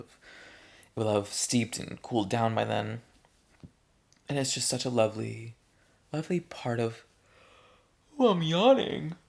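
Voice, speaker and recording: A man's voice: on the low side, gravelly. A young man talking straight to camera in a casual vlog, rambling in a playful and candid way and drawing out his words. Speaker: vlogger. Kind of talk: casual chatty vlog monologue.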